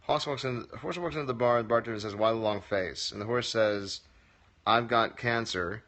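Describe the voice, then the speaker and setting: A medium-pitched, fairly bright male voice at normal speed belongs to a comedy teacher answering viewer questions. In a casual Q&A over a phone livestream, he reads comments aloud and replies in a wry, joking way.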